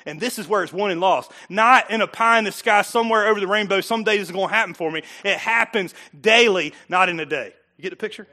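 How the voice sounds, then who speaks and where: A man's voice: high voice, a little fast, few pauses, bright, forceful tone. A middle-aged man preaching a sermon as pastor in a church, punchy and conversational, full of rhetorical questions.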